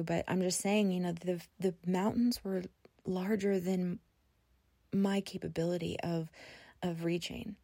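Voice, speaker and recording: Middle-aged woman host, earnest confessional podcast delivery, low gravelly warm voice, flat even intonation, dry close sound. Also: dry recording. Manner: earnest, emotional, with many restarts. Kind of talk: personal testimony podcast.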